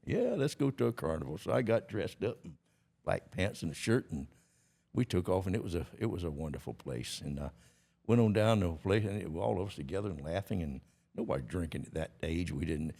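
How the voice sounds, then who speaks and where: A man in his 80s from Georgia, USA, tells a story as a guest in a casual podcast interview. His deep voice is creaky and mellow and moves fairly quickly, and he speaks in a folksy way with plain rural grammar, laughing often.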